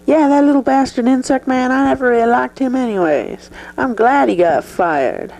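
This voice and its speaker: A performer playing a foul-mouthed male movie star with a high voice who swears constantly and keeps saying "man". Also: expressive, moderate pace, gravelly, darkish tone, poor audio. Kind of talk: improvised comedy sketch interview.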